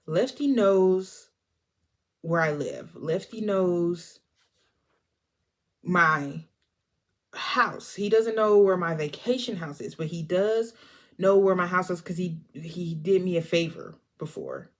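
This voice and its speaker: A woman voicing a worried middle-aged man from a film, low and guarded in delivery. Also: lively intonation, normal speed, darkish tone, lightly acted. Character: worried man guarding his family secret.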